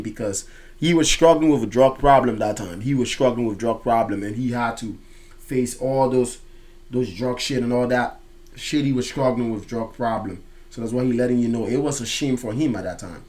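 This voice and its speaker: A man hosting a music reaction, explaining lyrics line by line in casual, slangy talk with loud excited outbursts. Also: medium pitch, moderate pace.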